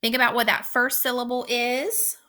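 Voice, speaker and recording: A woman teacher giving a recorded phonics lesson, speaking slowly and clearly and repeating each word for young learners. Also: a little high, little pitch movement, pushed and bright. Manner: slow, clear instructional pacing with repeated words.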